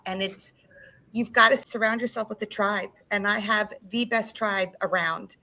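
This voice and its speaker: A woman real estate agent speaking on a panel, telling emotional, animated stories about hard times. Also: medium pitch, moderate pace, vocal fry, slight background noise, poor audio. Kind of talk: candid panel talk.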